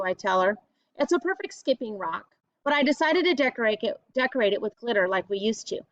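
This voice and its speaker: A woman's voice: fairly high pitch, expressive, brisk, dry recording. Earnest woman reading an audiobook. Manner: plain, earnest storytelling. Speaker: audiobook narrator. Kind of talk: first-person audiobook narration. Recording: dull lo-fi audiobook recording.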